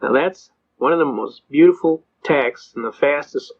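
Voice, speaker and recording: A man's voice: fairly high pitch, normal speed, slightly rough. Folksy man telling courtroom stories. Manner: folksy, emphatic storytelling. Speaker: speaker on legal rights. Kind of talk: anecdotal lecture. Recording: dull lo-fi recording.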